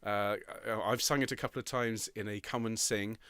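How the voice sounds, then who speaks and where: A man's voice: on the low side, steady tone, a little fast, a bit bright, clean tone, no room sound, clean studio sound. A middle-aged man leading an online choir rehearsal, chatty and enthusiastic, often repeating his words as he coaches the singers. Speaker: choir conductor.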